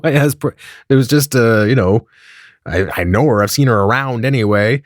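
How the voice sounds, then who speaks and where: A man telling a comedic story in a profane, animated way, acting out the dialogue as he goes. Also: mid-range voice, moderate pace, no room sound, clean studio sound.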